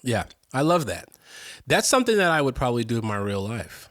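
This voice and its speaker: A man's voice: mid-range voice, big pitch swings, brisk, no room sound, clean studio sound. A man co-hosting a podcast in casual chat, sick, playful and teasing with frequent laughs. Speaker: podcast co-host. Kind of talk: casual chat rewatching a sitcom.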